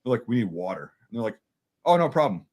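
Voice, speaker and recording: A man's voice: medium pitch, quick pace. A man from Wisconsin with a mid-range voice tells an old service story to friends in a loose chat. He swears a lot and bounces into the voices of the people he quotes. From Wisconsin, USA. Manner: profane, animated, acts out quoted dialogue. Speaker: military veteran telling a war story.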